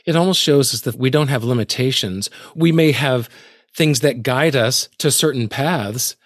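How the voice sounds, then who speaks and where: A man hosts an interview in a calm, measured voice and reflects thoughtfully on what his guest says. His voice is recorded dry and close, with no room sound. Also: medium pitch, dry recording. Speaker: interviewer host. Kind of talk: casual interview conversation.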